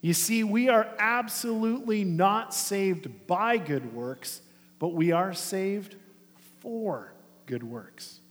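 A man with a high voice preaches a sermon, talking to his congregation in a lively, conversational way. He slows and quiets down to press key points home. His voice rings with the long reverb of a church sanctuary. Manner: animated preaching with a conversational tone, dropping soft and slow for emphasis. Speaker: pastor.

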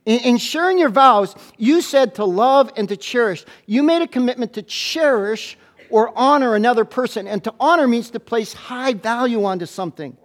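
A man preaching a sermon as a pastor to a congregation in church, animated and playful, often stumbling into quick restarts. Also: very high voice.

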